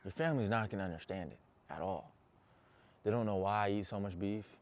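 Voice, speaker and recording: Young man, very low voice, intense, earnest, motivational coach talk. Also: fairly quick. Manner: earnest and intense, addressing viewers directly. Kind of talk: personal motivational talk to camera.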